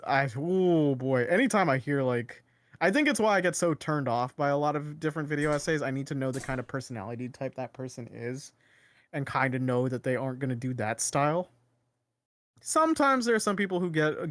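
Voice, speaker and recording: A man from Canada co-hosting a podcast, talking in a rambling, animated way with many restarts. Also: fairly high pitch, brisk, no echo. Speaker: podcast co-host. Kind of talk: casual chat.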